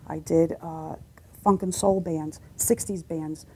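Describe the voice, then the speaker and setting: Chatty woman telling stories, fairly low. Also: steady tone, takes it slowly, a little mellow, slight background noise. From United States. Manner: chatty storyteller, acts out voices in anecdotes. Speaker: singer and guest. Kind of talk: casual interview chat.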